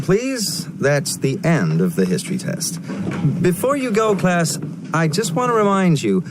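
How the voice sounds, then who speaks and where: An actor playing a calm male history teacher who questions a student in a textbook listening dialogue. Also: a little high. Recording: textbook audio with background noise.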